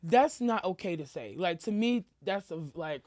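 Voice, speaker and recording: A woman's voice: fairly low pitch, expressive, normal speed, a little mellow, no room sound, studio quality. A woman co-hosting a casual talk show, chatting freely and acting out what other people said in a mocking tone. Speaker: podcast co-host. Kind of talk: casual chat.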